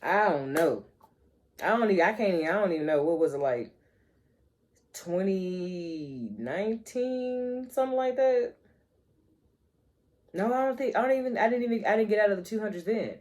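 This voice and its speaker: A woman's voice: mid-range voice, animated, normal speed, long pauses, a little mellow. A woman vlogger, chatting playfully to her viewers and calling them honey and child. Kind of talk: casual chat to camera.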